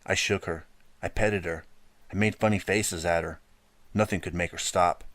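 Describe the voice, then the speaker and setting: A man narrating an audiobook in a steady first-person storytelling manner, close to the mic. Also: low voice, moderate pace, no room sound. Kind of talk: scripted narration.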